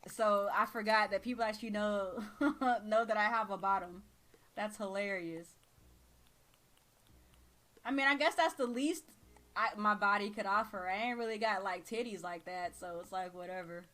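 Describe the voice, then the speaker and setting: A woman's voice: mid-range voice, moderate pace, fairly bright tone. A tired woman in her thirties with a Texas drawl, chatting casually on a live stream in a slangy, laid-back way while she reads the chat aloud. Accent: Texan.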